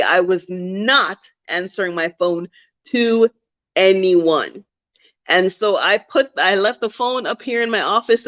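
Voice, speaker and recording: A woman's voice: mid-range voice, fairly bright tone. A woman telling a personal story to camera in a candid, reflective way, repeating phrases for emphasis. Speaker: vlogger. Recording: dull lo-fi recording.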